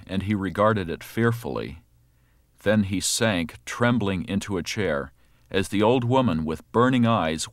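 A man narrating a horror story aloud in a measured, dramatic way. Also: fairly low pitch, no echo, clean studio sound.

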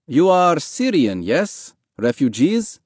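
A man voicing a kind elderly man who speaks slowly and gently. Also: on the high side, very animated, slightly rough, no echo, clean studio sound, voice pushed up, heavily acted. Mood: gentle. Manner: slow, gentle, measured.

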